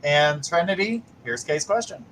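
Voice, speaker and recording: Male psychic host, lively pitch, faint background noise, brisk and friendly. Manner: short acknowledgments, reads out viewer questions. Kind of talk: casual live show hosting.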